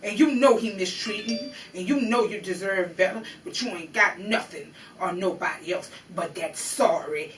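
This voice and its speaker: A woman's voice: medium pitch, moderate pace, hardly any pauses, recorded from a distance, slight background noise. A woman vlogger giving an emotional, profane, confrontational commentary on a news story, drawing on her own life. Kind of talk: emotional personal commentary rant. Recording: roomy echo, voice off-mic.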